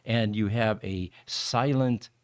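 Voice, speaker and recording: Casting: male podcast host, low voice, dry close sound, easygoing rambling chat. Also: slow pace, dry recording. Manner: chatty, rambling explanations with fillers. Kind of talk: casual livestream chat.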